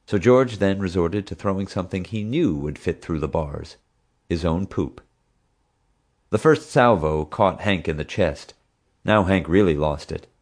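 A man narrating an audiobook in expressive storytelling fashion. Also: low-pitched, measured pace. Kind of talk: scripted narration.

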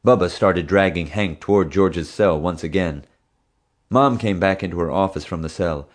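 A man narrating an audiobook in expressive storytelling fashion. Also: sits low, normal speed. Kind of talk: scripted narration.

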